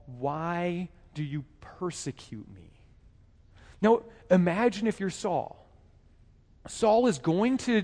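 A man preaches a sermon in a high voice, talking to his listeners in a conversational way. He often restarts his phrases and keeps asking them rhetorical questions. His voice carries a long reverb, as in a large hall. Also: darkish tone. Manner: conversational, repeats words and asks rhetorical questions.

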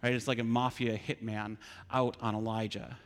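A pastor preaching a sermon, retelling a story with frequent rhetorical questions. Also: male voice, medium pitch, level tone, normal speed, big-room sound.

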